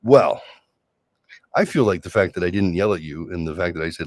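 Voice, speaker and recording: A middle-aged man hosting a solo late-night show, talking through love and conflict in a sarcastic, reflective way with many halting restarts. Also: sits low, expressive, no echo. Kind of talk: late-night personal monologue.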